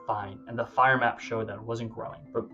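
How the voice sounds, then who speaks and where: A man's voice: medium pitch, level tone, brisk, sharp tone. A man in his thirties, an agency coach, telling a personal story in a casual, intense way, with lots of "like" and restarts. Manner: casual, intense retelling with filler "like" and self-interruptions. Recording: slightly dull sound with faint music behind.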